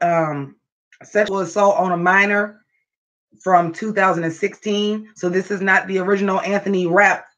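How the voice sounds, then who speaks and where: A man with a high voice chats and rants on a livestream, animated and full of profanity as he talks straight to his viewers. The audio is dull and lo-fi. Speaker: livestream vlogger. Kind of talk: casual livestream chat.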